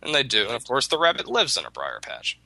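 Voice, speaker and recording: A man's voice: mid-range voice, huge pitch swings, fast talker, vocal fry, bright, forceful tone, no room sound, rough recording. A man telling a folk tale in a casual chat, rambling with hesitant restarts. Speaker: storyteller in a chat.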